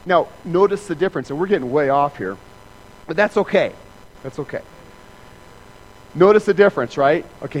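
A man's voice: fairly high pitch, expressive, a little fast, a little hiss or hum, rough recording. A man preaching a sermon in a conversational way, acting out little scenes with voices and sound effects and often asking "right?". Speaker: pastor.

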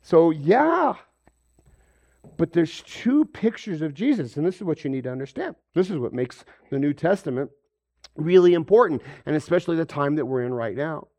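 A pastor preaching a sermon in a high voice that swings widely up and down. He throws questions at his listeners and bursts into the quoted lines in character. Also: moderate pace. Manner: animated, acts out quoted voices with big pitch jumps; asks the congregation questions.

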